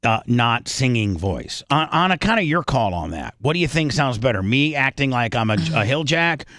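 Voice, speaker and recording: A man hosting a radio show in casual banter, halting and repeating himself, poking fun at himself, speaking into a studio microphone. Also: mid-range voice, big pitch swings, a bit bright, no echo. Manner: halting, repeats words, self-deprecating. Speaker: radio host.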